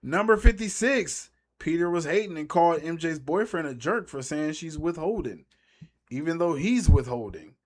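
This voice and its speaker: Dude doing a chill movie breakdown vid, kinda high voice, rambly and slangy. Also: male voice, animated, normal speed. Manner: rambling and slangy, trailing off mid-thought. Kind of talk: casual movie recap commentary.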